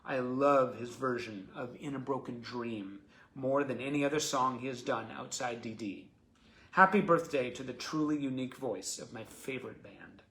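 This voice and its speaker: A man's voice: medium pitch, moderate pace, a little hiss or hum. A man hosting a live stream, reading out fan messages and reacting to each one. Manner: reads letters with rising excitement, chuckles between them.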